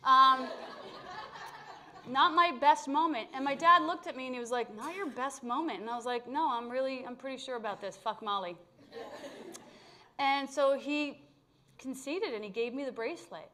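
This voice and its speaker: A middle-aged woman speaker telling a personal story to a spiritual congregation, candid and animated, with blunt humor. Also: high-pitched, moderate pace, a little hiss or hum. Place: live talk at a spiritual community gathering.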